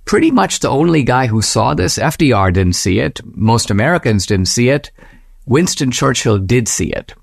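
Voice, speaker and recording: A man hosting a commentary podcast, speaking in a measured, reflective way, with slow emphatic phrases and quotes read aloud. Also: sing-song, creaky, husky, no room sound, studio quality. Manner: mimics a Western voice when reading quotes, rising high. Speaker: podcast host. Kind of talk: commentary reading quoted passages.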